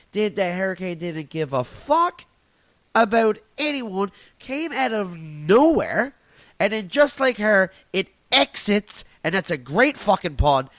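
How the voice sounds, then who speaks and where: A podcast host and stand-up comic with a Newfoundland accent rants casually and profanely into his phone from his couch, laughing at his own jokes. His voice is high and fairly bright, with no room sound.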